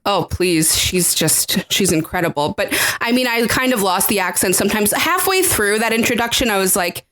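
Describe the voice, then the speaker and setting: A woman's voice: mid-range voice, expressive, normal speed, fairly bright tone. A woman hosting a podcast in casual chat, playful and jokey, laughing often. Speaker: podcast host.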